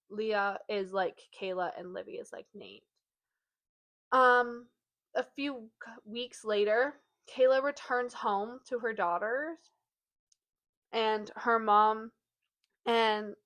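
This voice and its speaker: Speaking slowly on a dry recording, this mid-range female co-host of a book podcast walks through a plot in casual conversation. Fillers pile up, "like" especially, and her delivery livens up when she voices the quotes.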